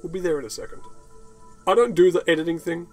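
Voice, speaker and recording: A man talks over his own gameplay in a loose, unedited ramble, swearing freely and drifting into rants. His voice sits a little high for a man. Faint music plays underneath. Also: fast, darkish tone. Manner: rambling, profane, ranting with laughs. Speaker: gaming channel host.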